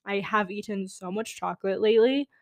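A woman's voice: mid-range voice, a little fast, a little mellow. A young woman hosting a podcast, talking casually on her own in a chatty, rambling way with dramatic asides. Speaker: podcast host. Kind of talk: casual solo chat.

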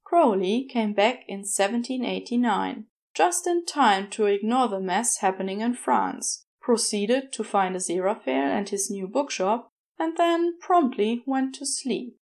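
A woman narrating a fan story as a podfic reader, in a measured, gentle storytelling manner. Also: on the high side, lively intonation.

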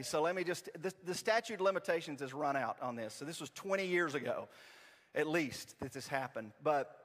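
A man in his forties preaching a sermon, telling a self-deprecating story in a lively, storytelling manner. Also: on the high side, long reverb tail. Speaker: pastor. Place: church sanctuary.

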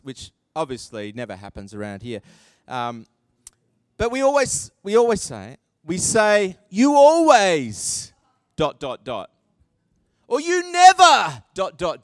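Animated high-voiced pastor. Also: male voice, clean tone, no echo. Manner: animated, acts out quoted voices, self-deprecating asides. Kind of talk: sermon.

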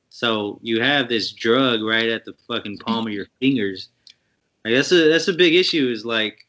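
A man's voice: medium pitch, bright, forceful tone, muffled recording. A man co-hosting a casual podcast, joking around and swearing freely. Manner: profane, joking banter. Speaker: podcast co-host.

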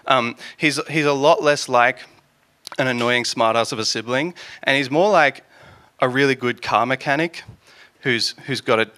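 Bright-voiced man preaching casually. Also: medium pitch, normal speed. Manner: chatty, joking, lots of ums and restarts. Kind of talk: casual conversational sermon.

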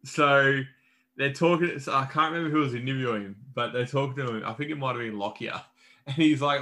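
With a bright, forceful tone, this young Australian podcast co-host speaks quickly in a mid-range voice. He discusses sport casually and bluntly, swearing a bit and restarting often.

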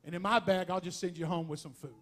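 Animated high-voiced male preacher. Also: fast talker. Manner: folksy, animated preaching with asides and humor. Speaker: pastor. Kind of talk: sermon. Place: church sanctuary.

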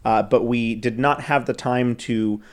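A man co-hosting a podcast in casual chat, feeling under the weather, animated and laughing often. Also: mid-range voice, a little slow. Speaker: podcast co-host.

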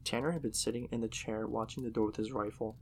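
A man's voice: lowish voice, fairly even intonation, fast, darkish tone, a little hiss or hum. A man casually narrating a horror story in a profane, conversational way.

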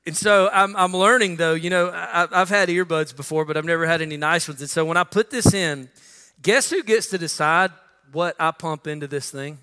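A man's voice: fairly high pitch, steady tone, normal speed, sharp tone, clear, resonant tone, long reverb tail. A middle-aged man preaching a conversational sermon as pastor, often saying "listen" and acting out quotes. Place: church sanctuary.

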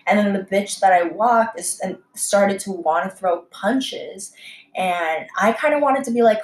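A young woman, a restaurant server, telling a story in a casual, heated, profane way, full of fillers and sudden jumps in pitch. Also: a little slow. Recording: echoey room.

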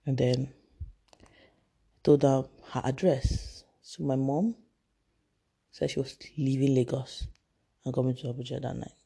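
A young woman, telling a personal story in a halting, emotional way with many restarts. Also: rumbling low, steady tone, creaky, dark tone, slightly rough. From Nigeria. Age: young adult.

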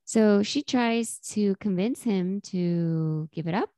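A woman's voice: medium pitch, takes it slowly, mellow, dry recording, studio quality. A woman co-hosting a casual chat, recapping a sitcom episode and quoting the characters in little voices. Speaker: podcast co-host.

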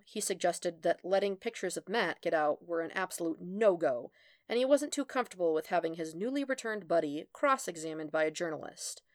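A woman with a low voice reads a fan story aloud as a podfic reader, her scripted narration steady and even. The recording is close and dry, with no room around it.

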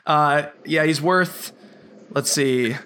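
A man co-hosting a podcast, chatting casually and teasing his co-host, with quick laughs. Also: on the high side, heavy background noise. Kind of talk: casual chat.

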